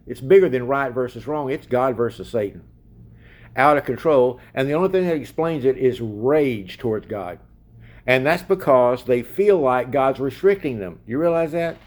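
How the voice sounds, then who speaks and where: A man's voice: fairly high pitch, a little mellow. Male preacher with a slightly raised voice, emphatic sermon delivery that puts questions straight to the congregation. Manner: emphatic, questions the audience directly.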